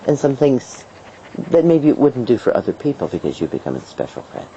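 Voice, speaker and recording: Lively woman with a mellow voice. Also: very deep voice, fairly quick. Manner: lively storyteller, acts out voices and laughs. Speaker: herbalist guest. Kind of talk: storytelling interview answers. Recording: dull lo-fi video sound, faint hiss.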